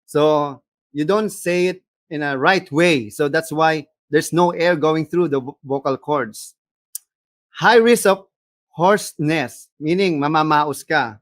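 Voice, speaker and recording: A man with a Filipino accent giving a lively seminar lecture as a voice acting coach, slipping Tagalog phrases into his English. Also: fairly high pitch, slow pace, no echo. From Philippines. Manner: animated, mixes in Tagalog phrases, demonstrates voices.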